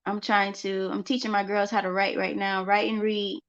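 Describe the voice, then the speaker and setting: Gravelly-voiced mom chatting on a vlog. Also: female voice, mid-range voice, flat delivery, moderate pace. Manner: conversational, repeats phrases for emphasis. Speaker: homeschooling mother. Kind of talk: casual vlog chat. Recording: dull lo-fi recording.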